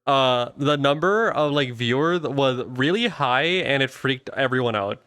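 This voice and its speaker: A young man rambles through casual stream chat, cursing freely and trailing off. His voice is smooth and clear. The sound is dry and close. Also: medium pitch, a little slow, a bit bright, dry recording. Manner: loose, rambling, swears casually. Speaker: streamer and VTuber host.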